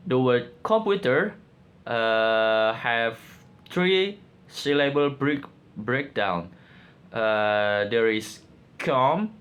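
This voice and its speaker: A man presenting a class project, reading out his slides haltingly with frequent pauses and fillers. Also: mid-range voice, lively intonation, fairly bright tone, dull audio. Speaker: student presenter.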